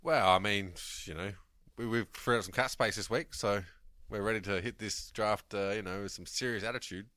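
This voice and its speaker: Male co-host, medium pitch, dry sound, quippy sidekick. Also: moderate pace, sharp tone, dry recording. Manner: dry wisecracks and short agreements. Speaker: podcast co-host. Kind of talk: casual sports chat.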